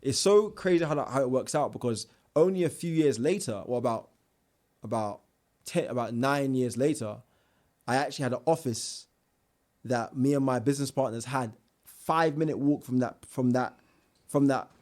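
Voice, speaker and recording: A young man, a guest telling his own life story in a casual interview, animated, with slang and restarts. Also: medium pitch, moderate pace.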